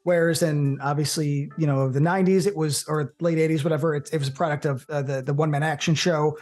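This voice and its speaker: A man co-hosting a casual movie podcast, opinionated and animated, with profane banter. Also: fairly high pitch, fast, soft background music. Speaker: co-host.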